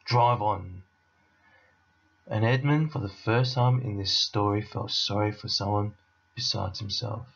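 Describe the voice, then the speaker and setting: A man, a teacher, reading a children's novel aloud to his class in a steady, unhurried way. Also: fairly low pitch, creaky, dull audio.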